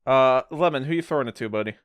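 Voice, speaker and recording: A man's voice: medium pitch, fast talker, clear, resonant tone, no echo. A young man co-hosting a comedy podcast, reading posts aloud with a dry, close sound. He laughs easily and trips over his words, keeping a loose, joking tone. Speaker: podcast co-host.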